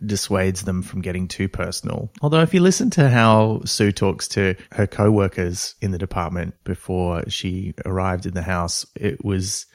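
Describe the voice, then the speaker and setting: A man's voice: deep voice, normal speed, few pauses. Easygoing man who laughs often. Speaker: podcast guest, writer and voice actor. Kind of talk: casual chat.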